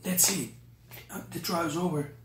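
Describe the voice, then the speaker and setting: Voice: mid-range voice, a little slow, background noise. A preacher telling a personal testimony to viewers, often calling them "you guys.". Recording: roomy echo.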